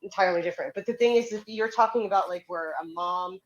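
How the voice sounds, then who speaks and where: A woman's voice: fairly low pitch, fast talker, highs cut off. A woman co-hosting a podcast, rambling and stammering as she argues and asks questions. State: cold. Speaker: podcast co-host. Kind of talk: casual debate chat.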